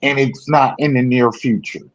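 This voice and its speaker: A man co-hosting a political talk show, rambling in casual discussion and correcting himself often, growing animated when he makes a point. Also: medium pitch, normal speed, no room sound. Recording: dull lo-fi sound.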